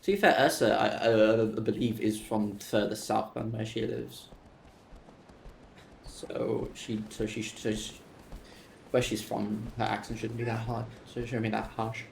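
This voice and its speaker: Gravelly man chatting. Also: on the low side, fairly even intonation, unhurried. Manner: rambling, self-correcting, chatty. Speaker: speedrunner streaming. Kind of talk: casual chat with stream viewers while playing. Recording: roomy echo, faint background noise.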